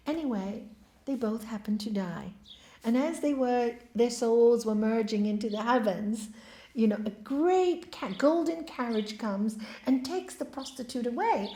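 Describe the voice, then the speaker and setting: A woman's voice: fairly high pitch, unhurried. A woman giving an inspirational spiritual talk in a hall, telling stories and asking the audience questions. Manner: warm storytelling, asks the audience questions. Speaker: spiritual speaker. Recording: echoey hall.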